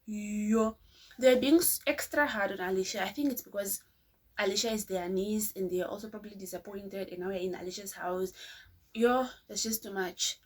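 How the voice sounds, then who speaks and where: A woman vlogger telling a story to her viewers in a chatty, casual way, often addressing them as guys. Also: mid-range voice.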